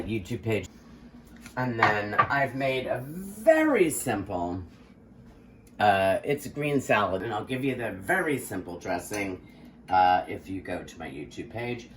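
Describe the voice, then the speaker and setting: A woman's voice: rumbling low, a little hiss or hum. An older woman hosting a casual home cooking demonstration, playful and theatrical, joking about her own skills. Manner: playful, theatrical, self-mocking boasts. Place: home kitchen.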